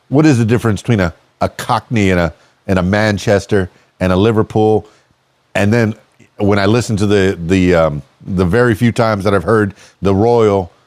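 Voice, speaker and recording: A middle-aged American man with a low voice hosts a casual podcast chat. He rambles and circles back, restarting sentences as he asks questions, and the sound is dry and close. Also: darkish tone, no echo. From United States. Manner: rambling, curious, hesitant with many restarts. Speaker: podcast host. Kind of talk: casual interview.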